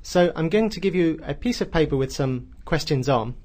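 An encouraging man hosts a radio language lesson. His voice sits a touch high and stays bright with praise. He guides the learner step by step. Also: expressive, normal speed. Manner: upbeat and encouraging. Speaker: host of a grammar lesson.

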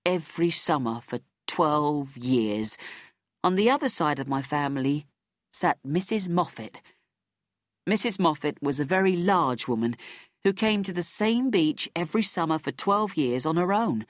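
Woman narrator, low and lively pitch, measured, dry wry delivery, close dry mic. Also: dry recording. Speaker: storyteller. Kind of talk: scripted first-person story narration.

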